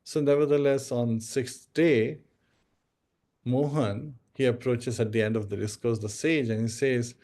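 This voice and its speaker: Mellow-voiced man telling a devotional parable. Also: medium pitch, fairly even intonation, a little slow. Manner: storytelling, addresses listeners as devotees. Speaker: spiritual speaker. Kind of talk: devotional discourse storytelling.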